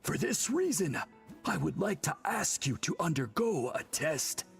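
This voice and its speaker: A courteous tribal priest. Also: male voice, on the high side, sing-song, creaky, heavily acted. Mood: formal. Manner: courteous, formal, measured. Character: polite tribal priest, formal and welcoming. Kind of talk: video game voice acting. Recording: game audio with faint music.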